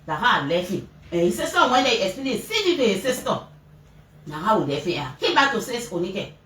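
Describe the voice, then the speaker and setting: Fairly quick in her delivery, a mother with a Liberian English accent tells reporters her emotional account of what her son went through. She acts out the shouting of others, her pitch jumping up and down with animation. The recording is roomy, from a distant mic, with faint background noise.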